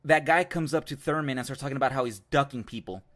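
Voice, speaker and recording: A man's voice: medium pitch, quick pace, fairly bright tone. A man hosting an online show and delivering heated, profane commentary on a clip he has just played. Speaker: show host. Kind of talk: ranting commentary on a video clip.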